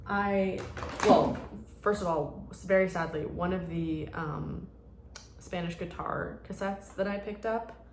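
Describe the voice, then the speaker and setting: Woman around 30, chatty vlogger, rambling, lowish voice, echoey room. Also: slight background noise. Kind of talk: casual chat.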